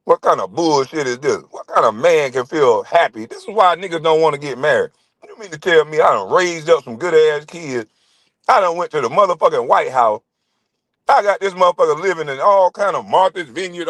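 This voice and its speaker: A man's voice: a little high, fairly bright tone, dry recording. A middle-aged man hosting his own channel, ranting to camera in a confrontational, constantly swearing monologue. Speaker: channel host.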